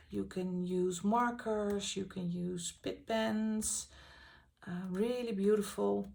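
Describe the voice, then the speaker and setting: A woman, hosting a colouring channel and paging through her books in a casual, enthusiastic way, pausing often on fillers. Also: mid-range voice, gravelly, noisy background. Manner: enthusiastic, halting with frequent fillers. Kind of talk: casual book flip-through.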